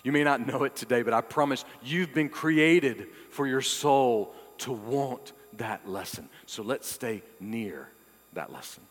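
Man, pastor, sermon, dynamic preaching from loud to hushed, long hall reverb. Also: medium pitch, lively intonation, measured pace.

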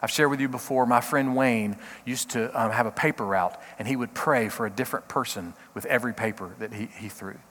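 A middle-aged man, a pastor, giving a short devotional talk in an earnest, halting way, often repeating words. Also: medium pitch, a bit bright, long reverb tail.

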